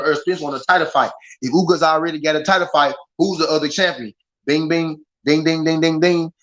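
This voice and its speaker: A man with a Southern American accent hosting a casual boxing livestream, talking to his chat in an animated, repetitive way. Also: fairly high pitch. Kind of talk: casual live commentary. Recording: slightly dull lo-fi stream audio.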